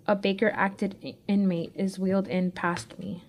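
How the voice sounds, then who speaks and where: Woman, mid-pitched voice, anxious confessional memoir reading, student writer. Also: level tone, moderate pace, a little mellow, a little hiss or hum. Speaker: student reading her personal essay. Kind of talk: first-person memoir reading.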